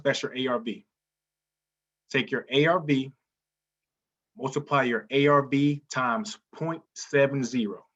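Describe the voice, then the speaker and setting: A man teaching real estate wholesaling in a live webinar, energetic and repetitive, often saying "listen, man". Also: mid-range voice, highs cut off.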